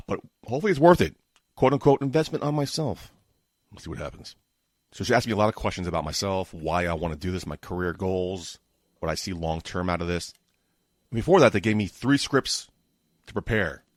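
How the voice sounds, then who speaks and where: A deep-voiced man in his forties with a New York accent hosts a casual solo podcast, talking fast, mumbling, tripping over his words, and slipping into exasperated rants. He records on a home podcast setup, and the sound is clean and studio-like with no echo.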